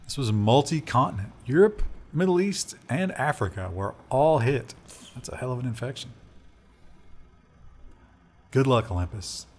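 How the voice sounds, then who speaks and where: A man co-hosting a tech news show in a loose, joking way. His pitch swings widely, rising and falling as he chats. He trails off with fillers and laughs at his own jabs. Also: lively intonation, normal speed, long pauses, a little mellow. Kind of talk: casual tech news banter.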